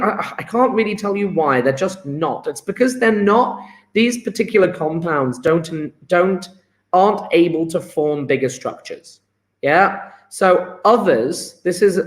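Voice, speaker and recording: A man teaching a chemistry lesson to students, chatty and encouraging, often checking with "yeah?". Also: fairly high pitch. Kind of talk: live online lesson. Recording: echoey room.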